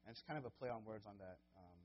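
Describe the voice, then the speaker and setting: A man's voice: fairly low pitch, fast, highs cut off, a little hiss or hum. A man preaching a sermon as a pastor, earnest and conversational, growing impassioned when he quotes and pleads.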